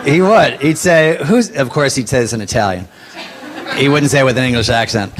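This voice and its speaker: A man of middle pitch hosts a question session and tells an anecdote with playful humor, laughing between lines. A faint hiss sits under his voice. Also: lively intonation, fairly quick, crowd noise. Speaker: emcee. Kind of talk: live Q&A moderating.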